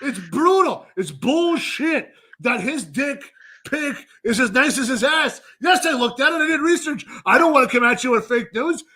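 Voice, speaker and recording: A man in his thirties co-hosting a podcast, ranting loudly with constant swearing and mock outrage. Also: extremely high pitch. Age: 30s. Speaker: podcast co-host. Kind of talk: profane comedic rant.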